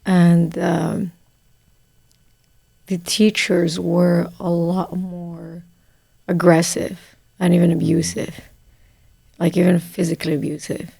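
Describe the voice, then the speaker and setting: A woman host from Morocco, telling a personal story in a relaxed, unhurried way with fillers. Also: lowish voice, creaky, slightly rough, no echo. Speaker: podcast host. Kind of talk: casual conversation.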